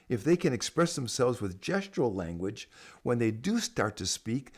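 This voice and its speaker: A man, an educator on baby sign language, explaining to camera in an earnest, enthusiastic way. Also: mid-range voice.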